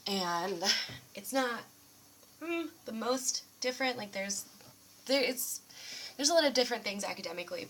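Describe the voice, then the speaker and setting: A young woman talks to camera from her dorm room in a loose, rambling way, laughing often and joking at her own expense. Her voice is bright and forward, at a middle pitch, with a dry sarcastic streak running under it. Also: slight background noise. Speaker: student vlogger. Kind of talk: casual rambling vlog.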